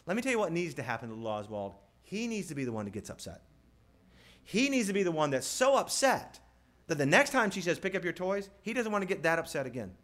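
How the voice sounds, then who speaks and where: A man preaching a sermon in an animated way, asking the crowd rhetorical questions and quoting scripture. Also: on the high side. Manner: animated, rhetorical questions, mimics family scenes. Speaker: pastor.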